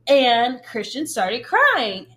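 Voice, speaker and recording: A woman's voice: on the high side, very animated, extremely slow, pushed and bright. A young woman co-hosting a casual podcast, telling a story and acting out quoted dialogue, laughing often. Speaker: podcast co-host.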